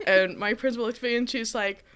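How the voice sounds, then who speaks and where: A woman's voice: a little high, steady tone, fast, fairly bright tone, clean tone. A woman in her twenties from the United States, a teacher, telling a rambling story in casual chat with lots of fillers. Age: 20s.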